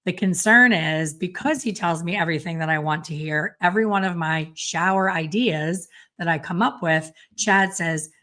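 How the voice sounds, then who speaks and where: A middle-aged woman hairstylist hosting a casual solo podcast, chatty and self-deprecating with quick asides. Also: lowish voice, a bit bright. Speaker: podcast host and hairstylist educator.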